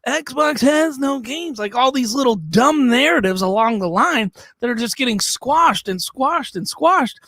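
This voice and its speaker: A man's voice: very high-pitched, expressive, a little slow, hardly any pauses, bright, forceful tone, dry recording. A man co-hosting a podcast, agreeing emphatically in casual chat. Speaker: podcast co-host.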